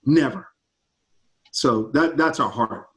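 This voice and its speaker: A man's voice: mid-range voice, takes it slowly, fairly bright tone. A man, a campus ministry pastor answering students' questions in an enthusiastic, upbeat casual chat over a video call.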